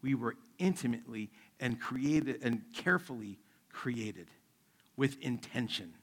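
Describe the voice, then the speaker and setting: A middle-aged man, a pastor, preaching a sermon in a relaxed, conversational way with stories from home. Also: mid-range voice, unhurried. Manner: conversational preaching, acts out his kids' voices.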